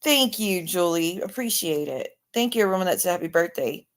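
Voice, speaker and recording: A woman's voice: on the low side, expressive, normal speed. Chatty woman hosting a livestream. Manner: chatty, reads viewer comments aloud. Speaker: livestream host. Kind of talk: casual livestream chat.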